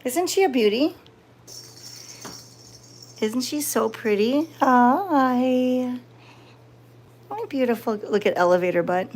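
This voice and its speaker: A woman live-streaming from a cat sanctuary, chatting casually with viewers and cooing softly at the cats. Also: on the high side, lively intonation, slow pace, long pauses. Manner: soft-spoken, cooing baby talk to cats. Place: indoor cat room at a sanctuary.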